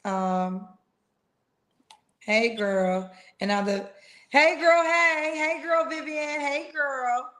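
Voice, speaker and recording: Woman host, high voice, playful slangy chatter on a video call. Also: extremely slow, fairly bright tone. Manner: chatty and playful, uses slang like "child" and "girl". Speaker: host of a live singles dating show. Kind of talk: casual live-stream chat.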